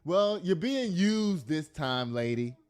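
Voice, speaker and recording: A man's voice: a little high, expressive, slow pace, clean tone. A man giving blunt, profane, emphatic political commentary to his audience, laughing at his own jokes. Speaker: commentary host.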